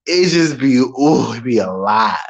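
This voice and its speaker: A man around thirty telling a casual, profane story-rant about scary movies, dramatic and animated, breaking into mock screams. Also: mid-range voice, a little slow, gravelly, lo-fi sound. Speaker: vlogger.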